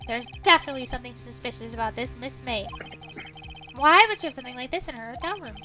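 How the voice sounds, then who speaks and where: A woman's voice: a little high, fast talker, music in the background, close to an everyday voice. A woman voicing an earnest, jumpy young male defense lawyer in a fan dub of a game, muttering to herself with sudden dramatic outbursts.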